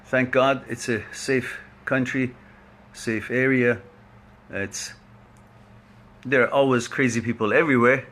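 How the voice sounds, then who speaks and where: Slow, bright-voiced chatty man. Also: fairly low pitch. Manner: chatty, laughs often, rambling. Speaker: host of a live online talk. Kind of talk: casual chat greeting viewers by name.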